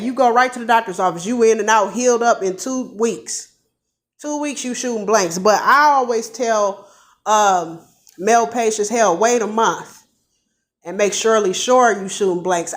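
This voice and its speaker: A woman's voice: fairly high pitch, fairly bright tone. Fired-up woman ranting, blunt and profane. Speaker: commentary vlogger and nurse. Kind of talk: ranting true-crime commentary.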